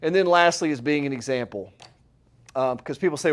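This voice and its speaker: A man's voice: fairly high pitch, fairly quick. A middle-aged man, a chiropractor, giving a live seminar talk to an audience in a room, conversational and full of rhetorical questions.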